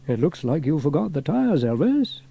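A man doing a calm, steady firefighter. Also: a little high, normal speed, vocal fry, slightly rough, muffled recording, pitched above the performer's own voice, full character voice. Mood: reassuring. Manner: reassuring, raised voice when calling out.

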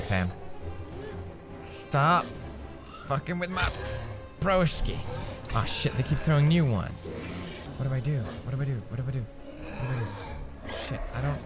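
A man giving let's-play commentary on a video game, excitable and swearing a lot, shouting during fights. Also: mid-range voice. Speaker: gamer. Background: game music.

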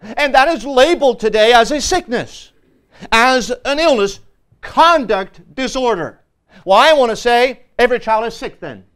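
A man teaching a Sunday school lesson as pastor, earnest and emphatic, often pausing on fillers. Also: very high-pitched, animated, a bit bright, clean tone. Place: church.

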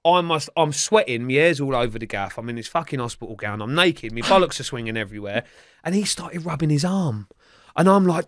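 A man's voice: medium pitch, lively intonation, brisk, no echo, clean studio sound. A man telling wild stories as an interview guest, swearing freely and acting out the voices of other people. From England. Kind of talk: storytelling in a podcast interview.

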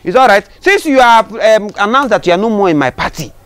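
A man's voice: high-pitched, animated, fairly quick. A man acting a pompous party leader who talks in a dismissive, laughing way in a comedy skit. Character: self-important male party leader, mockingly calling himself elderly.

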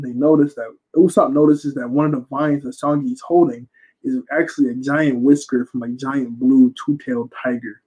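A man's voice: medium pitch, darkish tone, husky, lo-fi sound. A young man casually recapping a film, rambling and slangy and often correcting himself. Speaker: reviewer.

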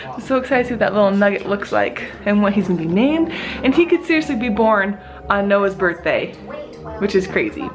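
A young woman vlogging with her family, excitable and quick to laugh and squeal. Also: medium pitch, music in the background, rough recording. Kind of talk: excited family vlog chat.

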